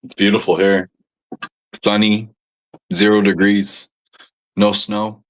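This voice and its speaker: A man's voice: on the low side, flat delivery, slow pace. A man from Canada hosting a casual chat, laid-back and swearing freely.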